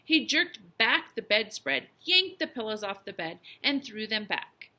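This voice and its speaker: A woman teacher reading a children's novel aloud, with expressive storytelling and lively emphasis. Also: fairly high pitch, measured pace.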